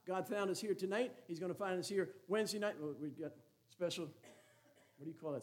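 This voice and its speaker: A man's voice: high voice, fairly quick, darkish tone. A man preaching a sermon as a Baptist pastor, folksy and joking, then emphatic.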